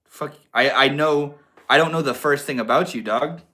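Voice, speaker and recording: A man's voice: a little high, normal speed, sharp tone. A young man from Maine hosting a casual livestream, chatting in a slangy, laid-back way and answering viewers. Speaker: livestream host.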